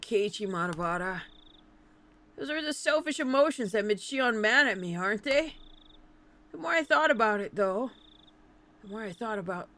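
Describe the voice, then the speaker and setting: A woman's voice: medium pitch, a bit bright. A woman voicing a teenage boy's anxious inner monologue, narrating a visual novel. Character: teenage boy narrator, anxious and self-scolding.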